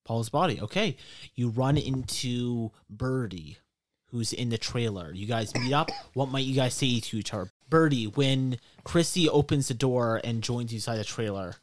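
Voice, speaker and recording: A male game master runs a tabletop session, talking through rules and choices in an easy, unhurried way. His voice is mid-pitched and sits dry and close to the mic. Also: dry recording. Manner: relaxed, explanatory, with fillers.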